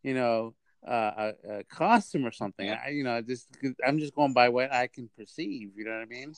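A man hosting a casual podcast chat, rambling and halting, often repeating himself. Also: medium pitch, dry recording. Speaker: podcast host.

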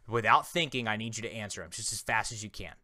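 A man in his thirties co-hosting a podcast, chatting casually and quizzing his co-host with teasing rapid-fire questions. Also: on the low side, sharp tone, dry recording, studio quality. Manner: playful, teasing quizmaster. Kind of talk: casual chat.

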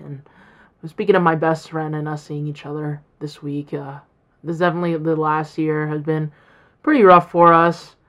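A young woman in college hosting her own podcast, talking in a rambling, reflective way with many fillers and restarts. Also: sits low. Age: young adult. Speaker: podcast host. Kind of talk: casual solo podcast talk.

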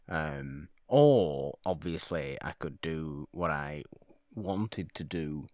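A man's voice: a bass voice, lively intonation, extremely slow, no echo, studio quality. A man co-hosting a film podcast, chatting casually in a wry, playful way. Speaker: podcast co-host.

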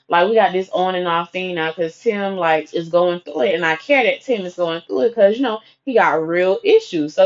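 A young woman with a mid-range pitch tells a personal story in blunt, profane everyday talk, slipping into the voices of the people involved for a lively retelling full of quoted dialogue. The recording sounds dull and lo-fi, with muffled highs.

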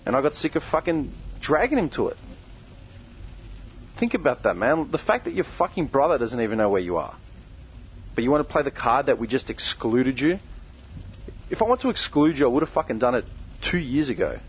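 A man's voice: medium pitch, big pitch swings, fairly quick, long pauses, slight background noise, poor audio. A young man who co-hosts a podcast, delivering a heated, confrontational rant full of swearing. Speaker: podcast co-host. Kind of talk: angry direct-address rant.

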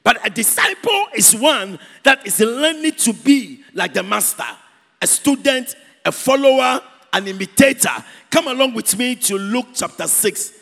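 A man's voice: very high voice, animated, unhurried, vocal fry, fairly bright tone. A man from Ghana preaching a sermon in a church, emphatic, repeating key words and singing out phrases. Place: church hall. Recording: echoey church hall with long reverb.

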